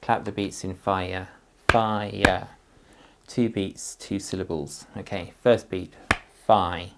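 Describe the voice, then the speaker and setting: A man teaching a phonics lesson to parents, speaking slowly and patiently as he sounds out words and syllables. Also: deep voice, fairly even intonation, noisy background.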